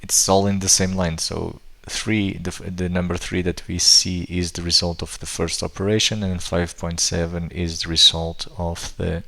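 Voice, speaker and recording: A man's voice: deep voice, flat delivery, normal speed, gravelly, few pauses, pushed and bright. A man walking through code step by step in a tutorial, thinking aloud with frequent fillers and restarts. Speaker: programming tutor. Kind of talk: screen-recorded coding tutorial.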